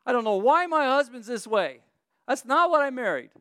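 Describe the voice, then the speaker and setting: A man's voice: very high-pitched, big pitch swings, moderate pace, pushed and bright, clean tone, no echo, studio quality, voice pushed up, heavily acted. A man voicing Moses as an exasperated, weary leader complaining to God.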